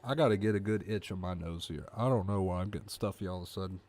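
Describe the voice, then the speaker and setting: A man's voice: low voice, fast talker, darkish tone, faint music behind. A man coaching viewers through anxiety recovery on a live stream, blunt and repeating himself for emphasis. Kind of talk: live-stream talk to chat.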